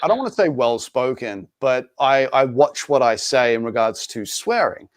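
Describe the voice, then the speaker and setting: An Australian man, an actor guest, chatting casually on a podcast, laughing often and telling stories with lively energy. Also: mid-range voice, moderate pace, no echo.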